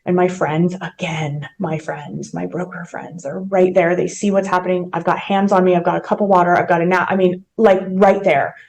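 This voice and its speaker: On a poor-quality recording, a podcast guest who is president of a mortgage company recounts a personal story with earnest emotion and vivid detail. Her voice is fairly low and a little mellow, her tone stays level, and she talks briskly with hardly any pauses.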